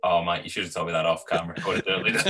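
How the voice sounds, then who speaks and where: A man's voice: mid-range voice, husky, low-quality recording. A man co-hosting a podcast, chatting casually and laughing as he tells stories. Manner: laughing, animated storyteller. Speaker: podcast co-host. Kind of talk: casual chat.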